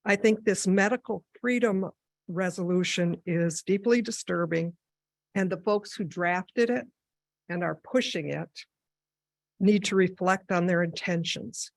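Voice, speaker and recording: A woman's voice: lowish voice, gravelly, dry recording. Firm woman, dry close sound. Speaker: public commenter. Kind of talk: short prepared public comment. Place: public meeting room.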